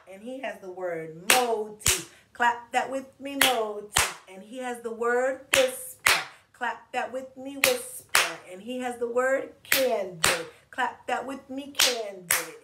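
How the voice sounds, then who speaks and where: A woman reading a picture book aloud to children, slowly spelling out words and inviting them to clap syllables with her. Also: a little high, far from the mic. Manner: slow, encouraging, spells and claps words with kids. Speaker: storytime reader. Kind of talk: children's read-aloud lesson. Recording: echoey room with faint noise.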